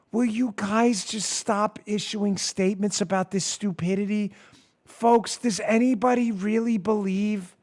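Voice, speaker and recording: Sarcastic high-voiced man ranting. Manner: sarcastic, exasperated, mocking; ranting, getting louder. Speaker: podcast host. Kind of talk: political commentary.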